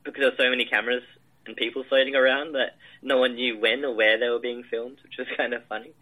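A man's voice: medium pitch, flat delivery, fast talker, bright, forceful tone, poor audio. A man, a film director, describing his shoot in a casual interview, rambling with many fillers and restarts.

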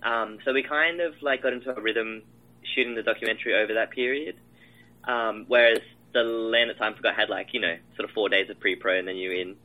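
A man's voice: on the low side, fairly even intonation, fairly quick, phone-quality sound. A man, a film director, describing his shoot in a casual interview, rambling with many fillers and restarts.

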